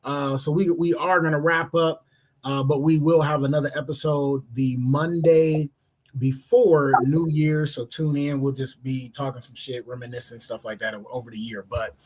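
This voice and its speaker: A man from Cleveland co-hosting a podcast, telling a story in a casual, animated way and acting out the voices in it. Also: a little high, moderate pace. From Cleveland, Ohio. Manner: animated, laughing, acts out voices in his stories. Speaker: podcast co-host.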